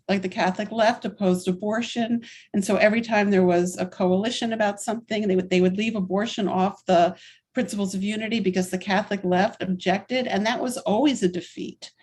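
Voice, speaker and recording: A woman's voice: medium pitch, a little mellow. A woman in her sixties, a guest in a conversational interview, telling stories in long, flowing runs with a candid, emphatic manner. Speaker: interview guest, activist and writer.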